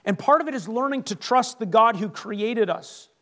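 A male pastor preaching a sermon, retelling Bible stories with lively acted-out voices. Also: very high-pitched, normal speed. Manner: animated storytelling, acts out Bible characters.

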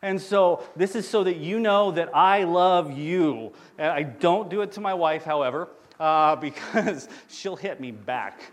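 A middle-aged man preaches in a church sanctuary, with a voice that sits a little high for a man. He talks to the congregation like a friend, telling family stories and tossing them questions. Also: unhurried, hardly any pauses. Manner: conversational, storytelling with audience questions. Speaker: campus pastor. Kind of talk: sermon.

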